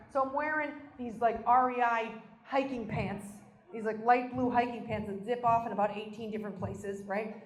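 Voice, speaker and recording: A woman performing a self-deprecating stand-up comedy set, telling a story with animated acted-out quotes on a live stage. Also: a little high, reverberant, low-quality recording.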